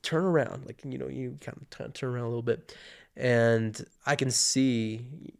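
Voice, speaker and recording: A man with a mid-range voice tells a story in a relaxed, chatty way. He brings the moments to life, slipping into his own worried inner voice, and now and then he stumbles over his words. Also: medium pitch, moderate pace, gravelly. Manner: animated, acts out his own panicked inner voice. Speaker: guest sharing his testimony. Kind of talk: casual storytelling.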